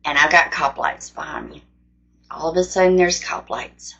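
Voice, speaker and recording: A woman's voice: sits low, huge pitch swings, moderate pace, creaky, sharp tone, slightly rough. A woman candidly retelling a frightening personal experience in a conversational testimony style. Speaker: faith storyteller. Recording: dull lo-fi sound.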